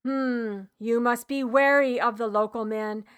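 A woman's voice: a little high, steady tone, a little slow, clear, resonant tone, close to an everyday voice. Woman reading as a stern Roman centurion. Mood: firm, commanding. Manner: clipped, firm orders. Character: stern male Roman centurion, commanding officer. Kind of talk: audiobook character reading.

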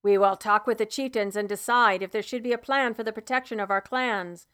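A woman voicing a calm, authoritative male clan leader. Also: mid-range voice, a little fast, clean tone, natural voice.

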